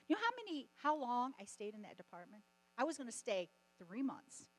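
A middle-aged woman giving a testimony sermon at a conference, telling stories in an animated way and often laughing. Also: fairly high pitch, fast, low-quality recording. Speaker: conference speaker.

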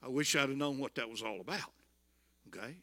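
A man in his seventies with a Southern US accent, telling stories in a folksy sermon and building to loud exclamations. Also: medium pitch, brisk. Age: 70s. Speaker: visiting preacher. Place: church.

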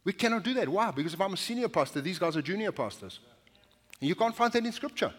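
High-voiced man preaching in a reverberant hall. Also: lively intonation, fast. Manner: conversational, anecdotal preaching with frequent restarts. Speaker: pastor. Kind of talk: sermon. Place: church sanctuary.

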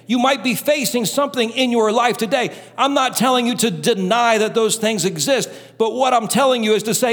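A middle-aged man preaches a sermon with building fervor, slipping into short doubting voices to make his point. His voice sits high for a man, and a long hall reverb trails each phrase, as in a live church service. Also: a bit bright. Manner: fervent, preaching with rising intensity. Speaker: pastor.

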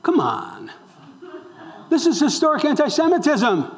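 A man preaching a sermon as pastor, asking the congregation questions and moving between loud emphasis and hushed tones. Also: extremely high pitch, huge pitch swings, measured pace. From raised Roman Catholic. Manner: swings between loud exclamations and hushed near-whispers.

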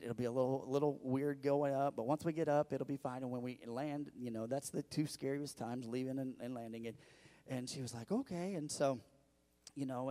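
Animated male pastor telling a story. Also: mid-range voice, big-room sound. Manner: animated, conversational, addresses the congregation directly. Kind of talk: sermon with personal storytelling.

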